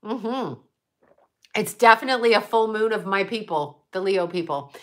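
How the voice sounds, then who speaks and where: A woman's voice: medium pitch, expressive, moderate pace. A woman hosting a casual livestream, rambling and swearing as she answers chat comments. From Buffalo area, US. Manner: rambling, profane, reads chat comments aloud. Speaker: livestream host.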